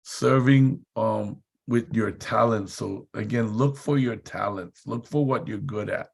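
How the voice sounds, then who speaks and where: A man's voice: on the low side, measured pace, gravelly, slightly rough. A man giving a motivational seminar talk, telling chatty anecdotes and laughing often. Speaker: seminar speaker.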